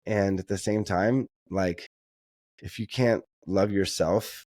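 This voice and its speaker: A man with a very low voice talks earnestly and reflectively as a guest in an interview. His delivery is heartfelt, with frequent restarts and repeated words as he searches for what to say. The recording is close and dry. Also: steady tone, slow, a little mellow, dry recording. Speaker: guest speaker.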